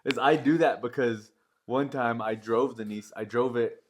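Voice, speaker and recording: A young man with a mid-range voice speaks quietly, with his sentences trailing off. He tells a short story in a plain, unhurried way. Much of the time he just chimes in with short agreements. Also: mid-range voice, steady tone, a little hiss or hum. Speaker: podcast co-host. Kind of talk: casual chat.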